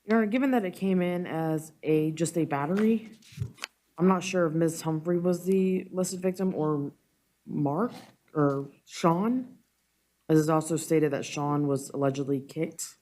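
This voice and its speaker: A woman's voice: low-pitched, mellow. A woman speaking as prosecutor in a courtroom, careful and a little hesitant. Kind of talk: courtroom proceedings.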